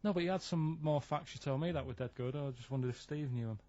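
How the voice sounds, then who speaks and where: A man on a radio talk show, telling stories in a plain, rambling, deadpan way. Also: fairly high pitch, fast talker. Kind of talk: casual radio chat, storytelling. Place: radio studio. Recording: dull lo-fi radio recording.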